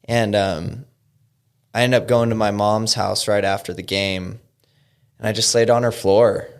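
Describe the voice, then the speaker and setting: A young man from Utah telling his recovery story as a guest, halting with frequent fillers and restarts. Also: fairly low pitch, fairly even intonation. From Utah, USA. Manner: halting, lots of "you know" and "um", restarts. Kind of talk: personal storytelling in an interview.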